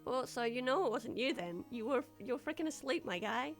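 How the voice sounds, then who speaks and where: A woman's voice: a little high, animated, normal speed, gravelly, soft background music. Jokey woman streamer. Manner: jokey, rambling. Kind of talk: casual let's-play commentary.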